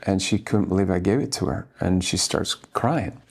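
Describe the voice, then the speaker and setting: Very deep gravelly man telling stories. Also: steady tone, unhurried. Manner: rambling, earnest, frequent restarts. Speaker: interview guest, actor. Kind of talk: anecdotal interview storytelling.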